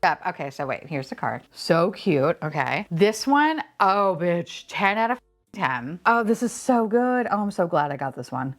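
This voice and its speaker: Gushing, swearing woman with lively pitch. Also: normal speed. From Florida. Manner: gushing, excitable, swears freely, sudden squeals. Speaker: unboxing vlogger. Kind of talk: casual unboxing chat.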